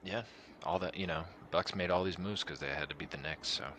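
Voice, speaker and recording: A man's voice: deep voice, brisk, slight background noise. A man co-hosting a sports podcast, chatting casually and animatedly. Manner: animated, breaks into laughter, loud voice impressions. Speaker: podcast co-host.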